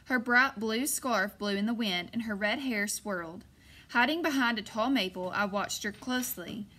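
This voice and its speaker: Bright-voiced woman audiobook narrator. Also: mid-range voice, moderate pace. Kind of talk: first-person audiobook narration.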